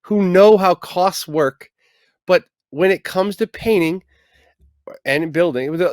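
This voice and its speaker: A man's voice: fairly high pitch, a little slow, no echo, studio quality. A man hosting a podcast in casual conversation, thinking aloud about how contractors present themselves. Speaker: podcast host, painting contractor.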